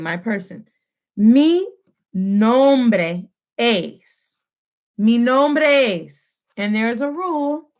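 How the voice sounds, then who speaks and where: A woman teaching a Spanish lesson from home, drilling phrases slowly for the listener to repeat and mixing English and Spanish mid-sentence. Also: on the high side. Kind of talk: home-recorded language lesson.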